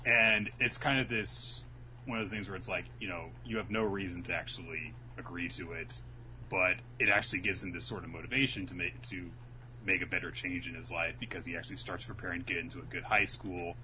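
A man with a very low voice tells a story in loose, casual chat and slips into quick put-on voices for the quotes. His tone is bright and sharp. A faint hum sits under the recording. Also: low-quality recording. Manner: rambling, animated, acts out quotes in voices. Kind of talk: casual chat recapping a manga.

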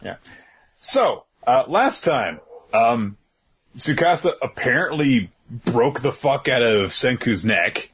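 A man's voice: medium pitch, very animated, takes it slowly, a bit bright, slightly rough. A man co-hosting a casual podcast, recapping comic chapters in a laid-back way with lots of fillers and the odd chuckle. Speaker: podcast co-host. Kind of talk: casual manga chapter discussion.

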